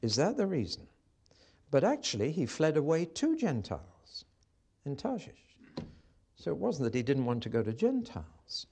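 A man preaching a sermon, telling a story with animated delivery and acting out the quoted speech. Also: on the high side, normal speed, slight background noise.

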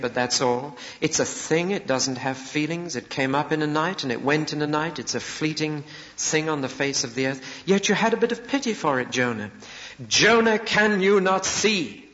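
A man preacher voicing a gentle, loving male deity who patiently corrects a prophet, in an echoey hall with dull lo-fi sound. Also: a little high. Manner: patient, earnest pleading.

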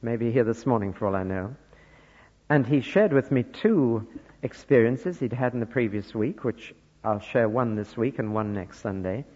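A man from northern England preaching a sermon, earnest, moving between soft asides and loud emphasis. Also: medium pitch, moderate pace, breathy edge. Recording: dull lo-fi recording with long church reverb.

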